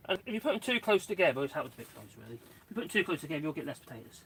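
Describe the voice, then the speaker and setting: A man's voice: fairly high pitch, very animated, racing, fairly bright tone, slightly rough. Chatty Englishman rambling in his garden. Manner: rambling, chatty, full of asides to dogs and viewers. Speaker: channel host. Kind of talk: casual live-stream chat. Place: outdoor garden, kneeling in mud. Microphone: phone on a tripod.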